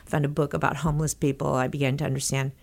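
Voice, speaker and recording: A middle-aged woman from Texas tells a long story as an interview guest, her voice sitting on the low side. She talks in animated, tumbling bursts and slips into the voices of the people she quotes. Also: fast talker, creaky. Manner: animated, breathless anecdote-telling with quoted dialogue. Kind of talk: conversational storytelling.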